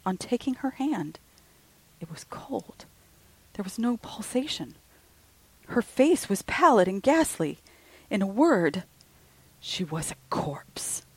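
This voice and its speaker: A woman hosting a podcast, reading a ghost story aloud in a slow, hushed way. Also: mid-range voice, sing-song, dry recording, rough recording. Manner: slow, breathy, with soft hushed passages.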